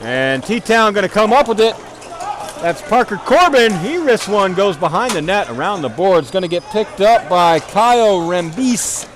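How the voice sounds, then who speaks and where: A man calling play-by-play for a ball hockey game, rambling into self-deprecating asides between plays and shouting on goals. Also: sits high, a little slow. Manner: excited calls on goals. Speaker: play-by-play commentator.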